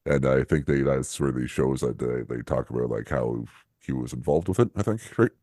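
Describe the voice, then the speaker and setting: A man co-hosting a podcast in casual chat, rambling and laughing often, his voice jumping up when excited. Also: rumbling low, a little fast, dry recording, clean studio sound. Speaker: podcast co-host.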